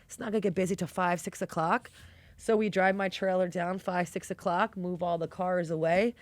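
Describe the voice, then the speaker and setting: A woman's voice: lowish voice, steady tone, moderate pace, no echo. Brash New woman chef, dry sound. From New York. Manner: brash, streetwise, acts out quoted voices. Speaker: guest chef. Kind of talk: animated storytelling in conversation.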